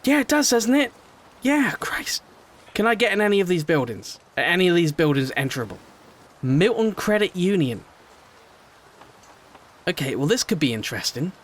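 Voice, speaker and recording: A young man giving casual let's-play commentary on a game, rambling, excitable, sometimes shouting and swearing at what happens. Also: high voice, normal speed, pauses often. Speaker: gaming video host.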